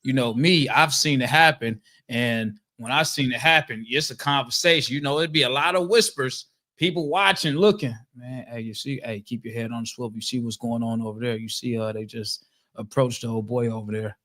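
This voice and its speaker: A man with a mid-range voice co-hosting a relaxed podcast. He teases his partner and strings his thoughts together with lots of "you know." His delivery is loose and chatty. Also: medium pitch, a little fast. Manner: teasing, filler-heavy, keeps saying "you know". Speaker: podcast co-host. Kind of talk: casual podcast banter.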